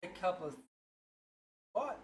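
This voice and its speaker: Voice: mid-range voice, big pitch swings, measured pace, slightly rough. A chef chatting casually through a home cooking livestream, rambling between tasks and swearing freely. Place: home kitchen.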